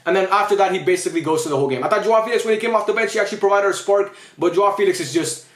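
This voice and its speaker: A man's voice: sits high, rapid-fire, reverberant. A man giving an angry, frustrated post-match rant as a football fan, swearing often and sounding upset.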